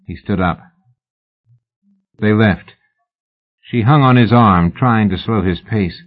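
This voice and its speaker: A man reading a novel aloud in a measured, even audiobook narration. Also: on the low side. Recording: phone-like narrow band.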